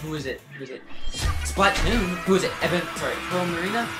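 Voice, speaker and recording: A man hosting a video game reaction vlog, expressive and shifting between chatty explanation and loud excited yelling. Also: high-pitched, quick pace, loud music behind the voice.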